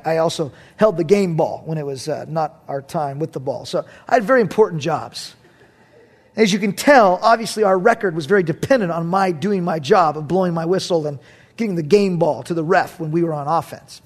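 High-pitched guy preaching, lively, goes loud then drops to a hush. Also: brisk. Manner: animated, swinging from loud bursts to hushed near-whispers. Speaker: pastor. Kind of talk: sermon.

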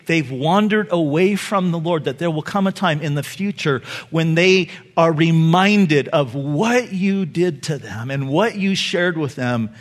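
A middle-aged pastor giving a sermon, telling a family story in a loose, conversational way with fillers and laughs. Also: male voice, on the high side. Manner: conversational, many fillers, laughs at own stories.

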